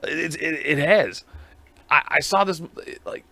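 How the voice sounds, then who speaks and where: A man's voice: fairly high pitch, slow, sharp tone, dry recording. A man hosting a podcast alone, chatting casually in a rambling, profane, self-mocking way. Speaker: podcast host. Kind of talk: casual solo chat.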